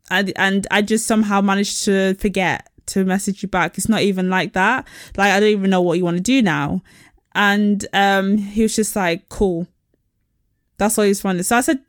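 A young woman co-hosts a chat podcast. She tells stories bluntly and with energy, swearing freely. Her voice sits at a middling pitch and sounds dry and close. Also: no echo. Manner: animated, blunt storytelling with frank swearing. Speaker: podcast co-host. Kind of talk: casual chat.

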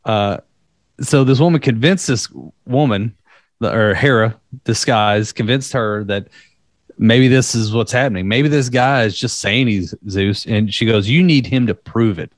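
A man's voice: fairly low pitch, unhurried, no room sound. A man chatting casually, retelling a myth in a loose, profane way and acting out the quotes. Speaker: podcast co-host.

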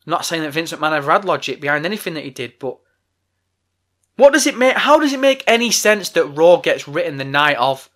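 A man's voice: a little high, very animated, fairly quick, fairly bright tone. A man hosting a podcast, delivering a heated, profane, exasperated rant. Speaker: podcast host. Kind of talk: ranting podcast monologue.

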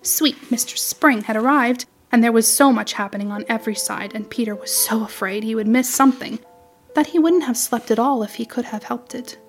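A woman narrates a children's animal story with gentle, expressive storytelling. Her voice sits fairly high. Soft music plays faintly in the background. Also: fairly quick.

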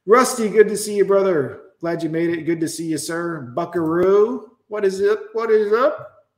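High-voiced guy going off crude and mocking to his viewers, echoey room. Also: moderate pace. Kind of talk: casual monologue to viewers.

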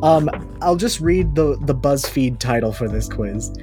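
A man's voice: mid-range voice, animated, measured pace, over music. A young man hosting a podcast, playful and teasing while reading out a quiz. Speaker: podcast host. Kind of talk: casual chat, reading a quiz.

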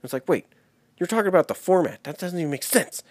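A man co-hosting a casual movie chat, animated and swearing freely. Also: sits high, quick pace, dry recording, studio quality.

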